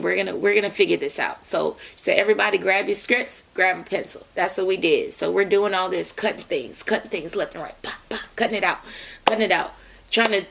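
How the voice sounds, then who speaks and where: A young adult woman vlogger with a medium-pitched voice and vocal fry tells a story in a casual, animated way, full of fillers and repeated words.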